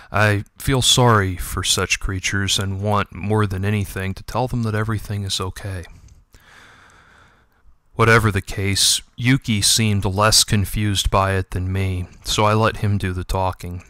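Bright-voiced man reading a reflective story. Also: on the low side, no echo, studio quality. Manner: gentle, reflective, wistful reading. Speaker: audiobook narrator and author. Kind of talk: first-person audiobook narration.

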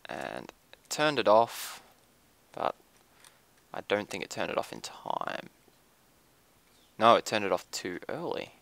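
A man giving casual, relaxed gameplay commentary, thinking aloud with frequent ums as he explains his build. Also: fairly low pitch, slow pace, creaky, long pauses.

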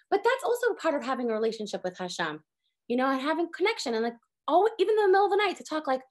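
Quick, high-voiced woman teaching animatedly. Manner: animated, acts out exasperated prayers. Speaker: Torah teacher. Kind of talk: casual online class.

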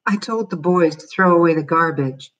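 A woman voicing a gentle, amused mother asking questions in a storybook reading, in a raised, husky voice. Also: fairly low pitch, moderate pace, natural voice. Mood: curious.

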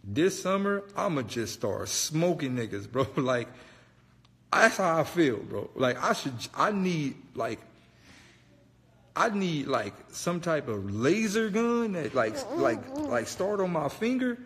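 A man's voice: on the high side, takes it slowly. Man, casual storytelling, slangy and profane, long reverb. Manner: animated, profane, slangy, keeps saying "bro".

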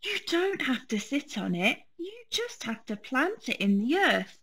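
A woman's voice: sits high, big pitch swings, unhurried, fairly bright tone, breathy edge, voice pushed up, heavily acted. A woman doing a patient mother bear.

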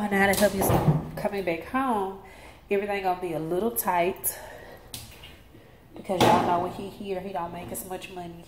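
A woman, chatting casually and rambling straight to her viewers in a vlog, filmed on a phone. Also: fairly low pitch. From Texas, USA. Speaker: vlogger. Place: in a car and at home. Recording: loud background noise from a car.

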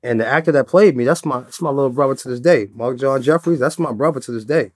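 Male interview guest from New York, middle pitch, laid-back storyteller, dry close sound. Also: fast talker, breathy edge, no room sound. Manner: laid-back, peppered with "you know what I'm saying".

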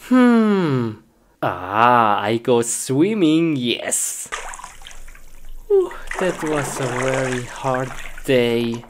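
A woman performing a comedy sketch, talking to herself in simple, broken English and breaking into excited yelps and shrieks of frustration. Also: rumbling low, very slow, pauses often. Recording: noisy recording.

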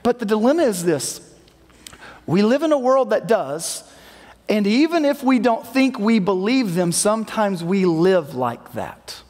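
A man pastor preaching a sermon in a relaxed, conversational way, sometimes acting out the lines he quotes. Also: sits high, a little slow, in a large hall. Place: church sanctuary.

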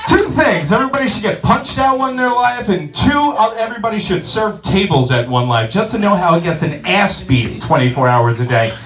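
Brash, high-pitched stand-up comic in a club. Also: male voice, a little fast, few pauses. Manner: brash, profane, animated. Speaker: stand-up comedian. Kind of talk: stand-up comedy set. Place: comedy club. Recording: roomy club sound from a distance, audience.

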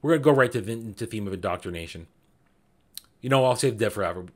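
A man's voice: fairly low pitch, fast talker. A man hosting an informal book club, talking enthusiastically and animatedly, repeating himself as he builds his points. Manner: enthusiastic, animated, with frequent restarts. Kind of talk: casual book discussion.

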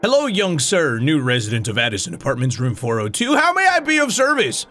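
A man's voice: mid-range voice, huge pitch swings, a little fast, a bit bright, faint music behind. A man voicing a formal, sinister male apartment doorman who talks with a put-on Southern drawl and is overly polite. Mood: ominous.

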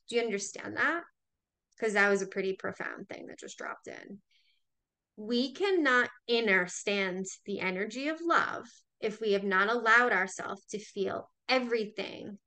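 Woman, spiritual talk host; bright, forceful delivery, preachy, swears and fires rhetorical questions. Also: medium pitch.

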